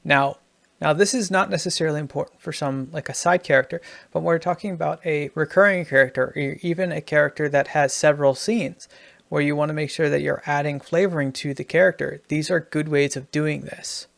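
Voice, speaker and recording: Gravelly man explaining writing craft. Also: on the high side, steady tone, fairly quick, fairly bright tone, no echo. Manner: explanatory, loose with restarts. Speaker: writing teacher. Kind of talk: writing tutorial.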